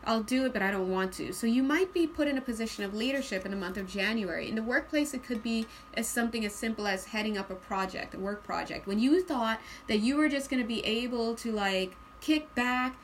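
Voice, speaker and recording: Woman tarot reader, chatty and giggly, slightly high voice, light room hiss. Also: fairly quick, hardly any pauses. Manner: bubbly, giggly, chatty, acts out sighing voices. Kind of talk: casual tarot reading video.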